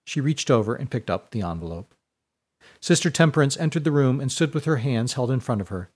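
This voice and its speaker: Man narrating a storybook, measured and even. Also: mid-range voice, husky.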